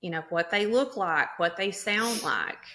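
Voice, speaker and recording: A chatty woman in her forties hosts a podcast in a bright, ringing voice. Her Arkansas Southern accent stretches her vowels out long. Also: medium pitch, lively intonation, unhurried. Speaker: podcast host. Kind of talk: casual chat.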